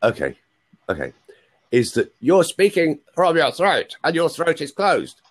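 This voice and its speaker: A man's voice: on the high side, wildly swooping pitch, unhurried. A man working as a voice coach on a video call. He has a cold and coughs, and he explains patiently, often checking with "right?".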